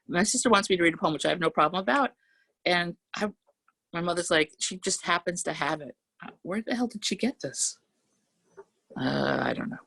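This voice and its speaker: A woman poet on a video call reading her poems slowly and telling chatty stories between them. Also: lowish voice, lively intonation, creaky, a bit bright, breathy edge. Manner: slow, measured reading of verse, then chatty storytelling. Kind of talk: poetry reading with anecdotes.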